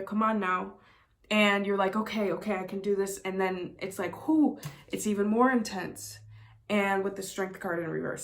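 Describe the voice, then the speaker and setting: A young adult woman giving a casual tarot reading, talking excitedly with emphatic bursts and laughs. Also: mid-range voice, gravelly. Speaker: intuitive tarot reader.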